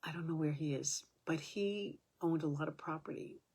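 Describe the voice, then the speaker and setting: Husky, gravelly older woman vlogging at home. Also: deep voice, moderate pace, a little mellow. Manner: rambling, aggrieved, with frequent fillers. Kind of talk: casual talk to camera. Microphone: own camera.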